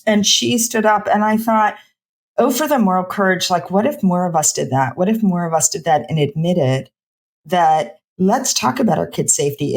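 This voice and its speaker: A middle-aged woman physician in a podcast interview, talking with passion in long run-on bursts full of "like". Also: fairly low pitch. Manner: impassioned, speaks in run-on bursts with many "like" fillers. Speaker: physician and homelessness researcher.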